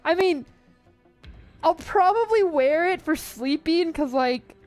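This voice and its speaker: A woman's voice: very high voice, lively intonation, takes it slowly, darkish tone, soft background music. A woman streamer chatting casually with her viewers, talking loosely with lots of "like" and "dude". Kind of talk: casual livestream chat while reading a game story.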